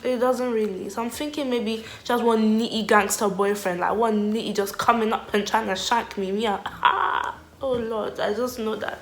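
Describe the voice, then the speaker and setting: A young woman telling a storytime vlog in animated, slangy style, laughing often. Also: fairly high pitch, normal speed, few pauses, roomy sound. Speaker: vlogger.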